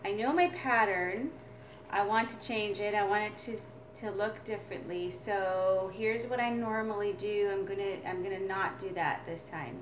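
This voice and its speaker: A woman's voice: medium pitch, normal speed, slight background noise. A woman teaching a drumming exercise as a mother, explaining in an earnest, reflective way. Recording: echoey room with drums.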